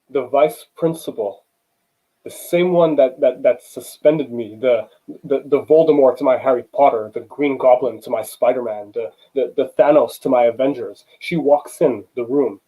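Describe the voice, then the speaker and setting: A man's voice: mid-range voice, warm tone, slightly rough, rough recording. A young man giving a personal storytelling talk to students in a conversational way, often saying "you know" and acting out the dialogue. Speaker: student speaker.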